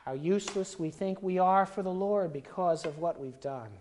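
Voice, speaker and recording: Dramatic preacher swinging loud and soft. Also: medium pitch, moderate pace, slight background noise. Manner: dramatic, swinging between loud pleas and quiet asides. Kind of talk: sermon.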